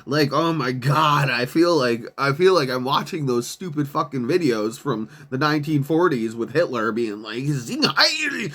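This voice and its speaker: A man's voice: mid-range voice, normal speed, few pauses, fairly bright tone. A man hosting a podcast, ranting in casual, profane commentary, exasperated and laughing often. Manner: mocks others in put-on voices. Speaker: podcast host.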